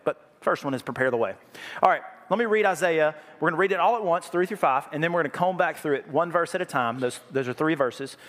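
A man preaching a sermon, lively and joking, with a habit of repeating key phrases. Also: mid-range voice. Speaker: pastor. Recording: reverberant hall.

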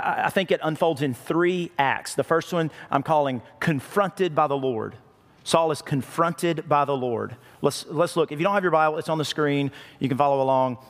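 A man's voice: fairly high pitch, in a large hall. A man preaching a conversational sermon as pastor, often repeating words for emphasis.

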